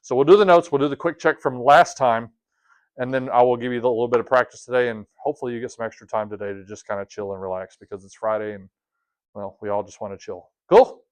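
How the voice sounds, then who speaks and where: A male math teacher running a classroom lesson at a middle pitch. He keeps it casual and joking and keeps asking the class questions. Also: steady tone, quick pace, smooth.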